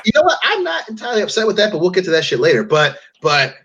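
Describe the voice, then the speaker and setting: A man with a slightly raised pitch holds forth on a podcast, swearing freely and hammering his points home. He talks in a loose, casual chat style, repeating himself for emphasis. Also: wildly swooping pitch, quick pace, a bit bright, breathy edge, lo-fi sound. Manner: profane, ranting, emphatic. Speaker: podcast co-host.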